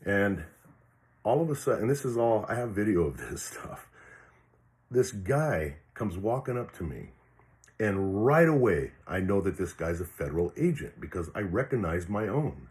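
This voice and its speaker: An older man with a very low voice tells a personal story straight to the camera. He rambles and swears freely, stops to restart his sentences and fills the gaps with "uh" and "you know". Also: big pitch swings, normal speed, darkish tone. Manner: rambling, frank and profane, with many restarts and fillers. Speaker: retired police officer telling a personal story. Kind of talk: casual storytelling monologue.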